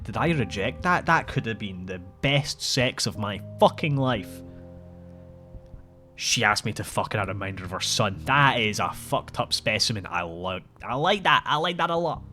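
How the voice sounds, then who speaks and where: A man's voice: on the low side, a bit bright. A man hosting his own podcast, telling rambling, profane, wry stories in a casual way. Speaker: podcast host. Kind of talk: casual solo storytelling.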